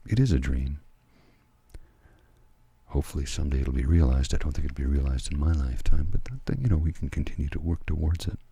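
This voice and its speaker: A tired man from Canada, talking slowly and haltingly at home at night in a soft ASMR manner, with many fillers and restarts. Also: extremely low pitch, gravelly, slightly rough, no echo. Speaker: ASMR channel host. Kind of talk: soft-spoken ASMR personal talk.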